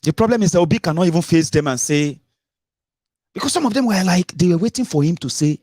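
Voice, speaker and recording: A middle-aged man with a Nigerian accent giving casual political commentary from home as a show host, animated and full of rhetorical questions, slipping into pidgin and leaping up in pitch. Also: fast talker, no echo, clean studio sound. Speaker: radio and online show host.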